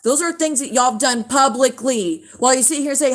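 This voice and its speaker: A woman's voice: high voice, brisk. Woman, livestream host, heated rant, swearing, addresses viewers directly.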